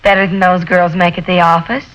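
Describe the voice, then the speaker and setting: An actress playing an eager-to-please 1960s housewife in an old coffee commercial. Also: female voice, fairly low pitch, level tone, a little fast, fairly bright tone, natural voice, rough recording. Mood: earnest.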